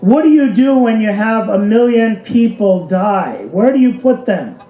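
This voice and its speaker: A man's voice: high voice, sing-song, unhurried, dark tone, echoey room, dull audio. A man telling a personal story in an emotional public speech, asking the audience rhetorical questions and pointing to pictures. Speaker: speaker at a commemoration event. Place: hall with an audience.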